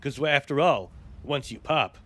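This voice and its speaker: A man's voice: mid-range voice, animated, unhurried, fairly bright tone. A man doing a smug salesman-inventor. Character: smug male inventor pitching his product.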